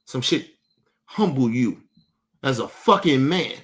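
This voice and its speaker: A man at an ordinary middle pitch rants to his live chat, blunt and full of swearing. He hammers his points and often repeats or restarts words as he presses on. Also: animated, takes it slowly, a bit bright. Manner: profane, blunt and emphatic. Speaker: livestream host. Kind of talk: casual rant to a live chat.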